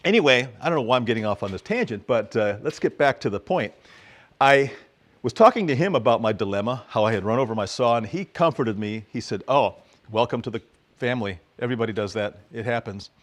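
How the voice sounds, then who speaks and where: A man's voice: mid-range voice, sing-song, fairly quick. A middle-aged man talking casually to his viewers in a folksy, rambling way, often calling them folks. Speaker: vlogger. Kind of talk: casual vlog monologue.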